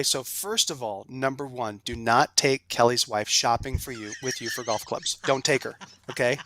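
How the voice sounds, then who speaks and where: A man's voice: medium pitch, pushed and bright. A man as a guest on a casual podcast interview, talking with enthusiasm and strong emphasis. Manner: enthusiastic, emphatic, salesy asides. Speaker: guest, golf industry executive.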